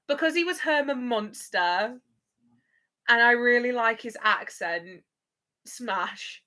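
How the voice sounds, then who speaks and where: A woman's voice: fairly high pitch, lively intonation, slow, bright, forceful tone. A woman hosting a live watch-along, chatting playfully with viewers and laughing often. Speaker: livestream host.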